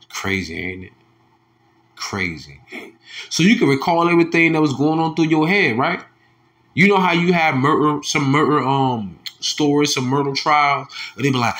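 A heated male preacher, who reads scripture in a low, slow voice and then breaks into angry, mocking street talk. He curses freely and scoffs as he preaches. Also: a bit bright. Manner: heated, profane, mocking, drops to low tones reading verses. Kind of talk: scripture commentary with angry asides.

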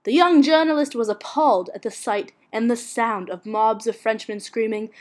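A woman narrating a school history project in a steady, read-aloud way. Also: on the high side, moderate pace, hardly any pauses.

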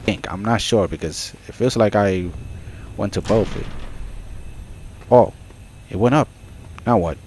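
A man giving casual let's-play commentary on a horror game, excitable and jokey, with frequent startled exclamations. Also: lowish voice, measured pace, pauses often, slight background noise. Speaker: gaming channel host.

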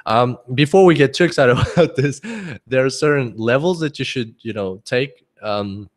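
A man's voice: mid-range voice, normal speed. A man teaching a trading webinar off the cuff, chatty, thinking aloud and laughing often. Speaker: forex trading instructor.

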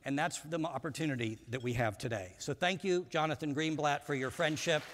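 A man delivering a prepared speech from a stage in a measured, formal manner, introducing a panel at a conference. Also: on the high side. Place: large conference hall. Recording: reverberant hall.

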